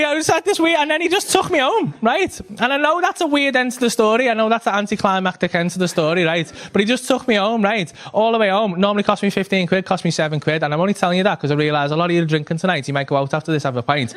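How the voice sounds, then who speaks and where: Male stand-up, high voice, animated and sweary, noisy live club mic. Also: quick pace. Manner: animated, swearing, acts out dialogue. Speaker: stand-up comedian. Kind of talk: stand-up storytelling. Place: comedy club stage before a laughing audience.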